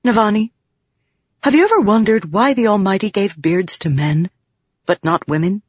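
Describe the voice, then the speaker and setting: A woman's voice: mid-range voice, normal speed, breathy edge, no room sound, pitched above the performer's own voice, lightly acted. A narrator voicing a young, absent-minded woman scholar who muses aloud in a rambling way. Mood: musing. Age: young adult. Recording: dull dry audiobook recording.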